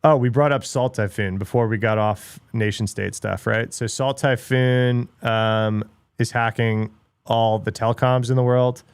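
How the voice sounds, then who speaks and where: A middle-aged man talks casually on his livestream. He is blunt and ranty, swears freely and leans on filler words. His pitch sits in an ordinary middle range for a man. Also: fairly even intonation, a little slow, clear, resonant tone, dry recording. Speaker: livestream host. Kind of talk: casual livestream chat, reacting to videos.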